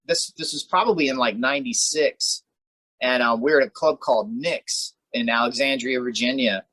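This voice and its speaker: A man's voice: mid-range voice, moderate pace, bright, forceful tone, no echo, poor audio. A man co-hosting a podcast in casual chat, laid-back and rambling, swearing freely and tossing in "man" a lot. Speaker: podcast co-host.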